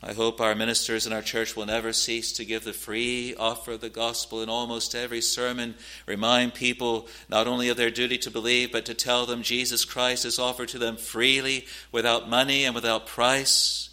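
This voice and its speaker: A man's voice: medium pitch, monotone, normal speed, few pauses, bright, forceful tone. A man preaching a sermon in a solemn, earnest manner, quoting scripture in old-fashioned wording. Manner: solemn, rising to urgent warnings.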